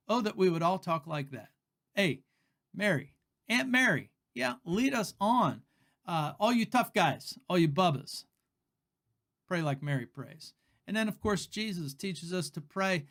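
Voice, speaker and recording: A man's voice: high-pitched, expressive, normal speed, a bit bright. A man teaching the Bible in a casual, folksy way, chatty and laughing at his own jokes.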